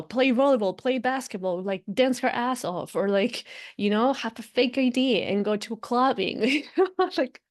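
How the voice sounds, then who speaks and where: A woman hosting a spiritual podcast, musing in a casual, animated way, often acting out inner voices and laughing. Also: on the high side. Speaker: podcast host and spiritual coach. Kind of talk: casual reflective monologue.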